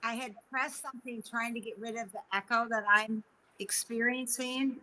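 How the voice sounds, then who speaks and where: Woman calling in to radio show, bright tense voice, slightly high, casual and flustered. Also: steady tone, moderate pace, slight background noise, poor audio. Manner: flustered, laughs at tech trouble. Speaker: spiritual guest co-host. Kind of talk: casual live radio chat. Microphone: remote call-in.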